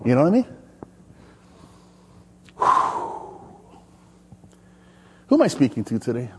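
A male pastor from Maui preaching an animated sermon, telling stories and calling out to the congregation. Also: mid-range voice, slow pace, a little hiss or hum. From Maui, Hawaii. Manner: energetic, chatty, storytelling with call-and-response.

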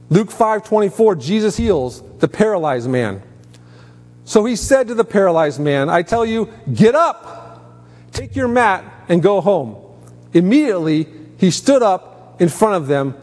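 A man's voice: high voice, a little mellow. A man preaching a sermon, emphatic, lifting his voice sharply on quoted commands. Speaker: pastor. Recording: long hall reverb.

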